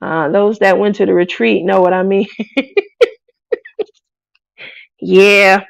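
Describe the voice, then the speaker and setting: A woman's voice: medium pitch, fairly even intonation, slow, vocal fry, no echo. A woman, hosting a craft live stream in casual chat, playful and laughing often as she reads out comments. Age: 40s. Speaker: craft channel host.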